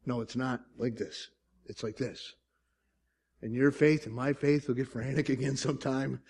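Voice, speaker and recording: A middle-aged pastor with a gravelly voice preaches his sermon, rising to loud, urgent bursts and then dropping to hushed, slow lines. He keeps asking the congregation "Amen?" between his points. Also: medium pitch, fairly even intonation.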